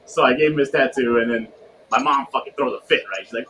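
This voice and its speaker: A man's voice: mid-range voice, fast talker. A man telling loose, swearing anecdotes in casual podcast chat, acting out the people he quotes. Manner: animated, swears freely, acts out quotes in raised voice. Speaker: podcast guest. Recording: distant mic with faint noise.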